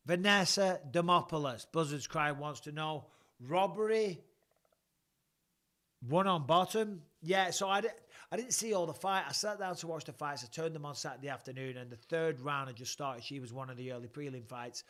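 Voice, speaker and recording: Sweary fortysomething guy rambling thru fan questions, kinda high voice. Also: moderate pace, fairly bright tone. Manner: blunt, swears freely, rambling. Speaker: host answering fan questions. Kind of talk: casual live-stream chat.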